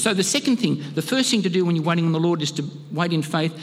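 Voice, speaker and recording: Preacher in reverberant hall. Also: male voice, fairly high pitch, quick pace, hardly any pauses. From Australia. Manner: conversational, earnest, with frequent restarts. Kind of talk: sermon. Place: church hall.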